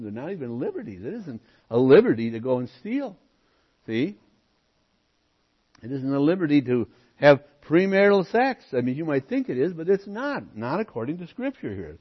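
Husky-voiced man preaching an expository sermon. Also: mid-range voice, sing-song, fairly quick, highs cut off. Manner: emphatic, often drops to quiet asides. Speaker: pastor. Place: church.

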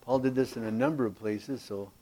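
A man guides a Bible class through a handout, speaking briskly in a medium pitch. His manner is animated and folksy with playful asides, and his loudness ranges from emphatic to hushed.

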